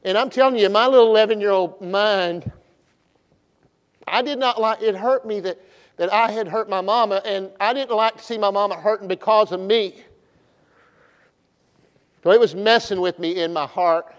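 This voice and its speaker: A man preaching at a revival, telling a story in a folksy way and shifting from hushed to loud. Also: high-pitched, normal speed, pauses often. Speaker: pastor. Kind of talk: revival sermon. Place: church sanctuary. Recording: long church reverb.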